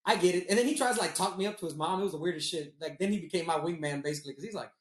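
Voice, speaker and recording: Fast-talking man, profane storyteller, roomy sound. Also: a little high. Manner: loose, profane, laughs at his own stories. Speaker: podcast host. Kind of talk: casual storytelling chat.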